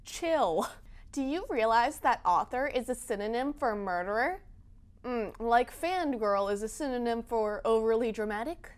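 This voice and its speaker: A young woman hosting a comedy video, reading tweets aloud in quick playful voices with a sassy, dramatic delivery. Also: fairly high pitch, animated. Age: young adult. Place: Boston.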